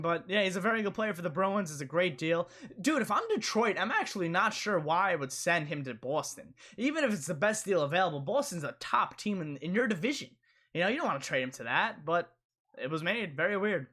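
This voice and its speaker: A man's voice: high-pitched, lively intonation, quick pace, pushed and bright. A young man hosting a casual live stream, rambling and repeating himself as he answers chat.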